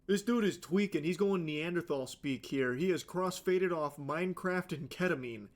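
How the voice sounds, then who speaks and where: Young man, live streamer, high-pitched, sarcastic and profane while reading posts aloud. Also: normal speed. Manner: sarcastic, swearing. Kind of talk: reading a post aloud and reacting.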